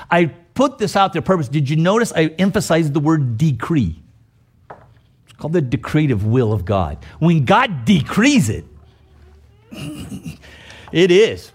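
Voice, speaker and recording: A male pastor delivers a sermon at an unhurried, deliberate pace, leaning hard on each word of scripture. His slightly high voice swoops up and down with lively swings and breaks into loud, exclaiming peaks. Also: slightly rough. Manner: reads scripture slowly and emphatically, with sudden loud, exclaiming peaks.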